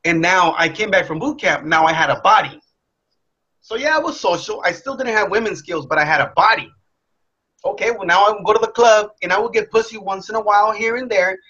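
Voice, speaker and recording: Man, young adult, blunt profane storytelling, husky voice, dull lo-fi recording. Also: high voice, brisk. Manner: profane, blunt, animated, acts out his past self. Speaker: motivational speaker. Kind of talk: candid personal storytelling. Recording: dull lo-fi sound.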